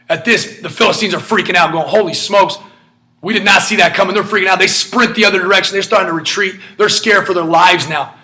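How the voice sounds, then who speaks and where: Emphatic, bright-voiced male speaker. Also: high voice. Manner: emphatic, repetitive, often shouting. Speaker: motivational speaker. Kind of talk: energetic motivational sermon.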